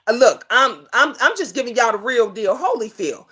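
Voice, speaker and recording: A middle-aged woman hosts a casual livestream chat. Her voice sits high and bright, swinging widely in pitch. She talks with sass, breaking into loud outbursts as she calls out to her viewers. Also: moderate pace, few pauses. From Chicago. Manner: animated, sassy, greets chat viewers, outbursts. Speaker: livestream talk show host. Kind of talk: casual live chat talk.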